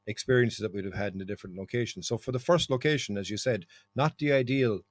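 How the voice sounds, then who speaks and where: An Irish man hosting a podcast, chatting casually and telling lively travel stories with laughs. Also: lowish voice, quick pace, dry recording. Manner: storytelling, animated, laughs often. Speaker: podcast host. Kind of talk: casual chat.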